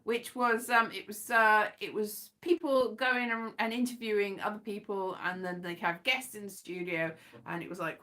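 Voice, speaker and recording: A woman's voice: on the high side, big pitch swings, normal speed, pushed and bright, faint music behind. A British woman, a comedian, chatting casually to her live-stream viewers, rambling and self-mocking, now and then breaking into sung phrases. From Britain.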